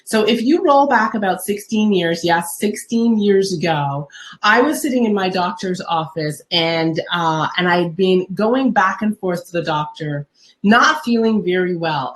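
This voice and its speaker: A middle-aged woman hosting a live wellness talk, telling a personal story earnestly and reading viewer comments aloud. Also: mid-range voice. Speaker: wellness host.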